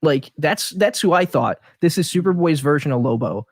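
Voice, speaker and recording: Man, higher-pitched voice, dry close sound, casual podcast chat, questioning tone. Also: expressive, moderate pace, no echo. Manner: questioning, laughs often. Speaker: podcast co-host.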